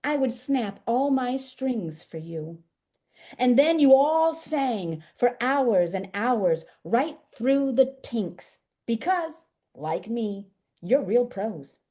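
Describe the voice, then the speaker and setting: A woman's voice: a little high, lively intonation, takes it slowly, warm tone, voice pushed up. A woman voicing a sweet old male rehearsal piano with a Brooklyn accent, reading a grateful poem written as a letter. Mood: fond, grateful.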